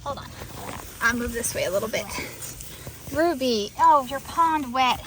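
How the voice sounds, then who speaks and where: Woman, farm vlogger, bright high voice, half-yelling into a phone camera outdoors. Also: normal speed, long pauses, a little hiss or hum. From Florida. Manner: half-yelling to be heard without a mic. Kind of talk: casual vlog narration. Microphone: phone camera, no external mic.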